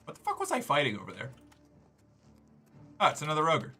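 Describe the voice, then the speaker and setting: A man's voice: fairly high pitch, brisk, faint music behind. A man streaming a game live, rambling and swearing as he plays and chats. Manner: animated, rambling and profane. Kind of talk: live gameplay streaming chat.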